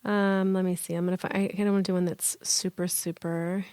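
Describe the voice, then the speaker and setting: A woman's voice: lowish voice, little pitch movement, brisk, a little mellow, clean tone, no room sound. A woman co-hosting a podcast, chatting casually with playful, giggly asides. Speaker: podcast co-host.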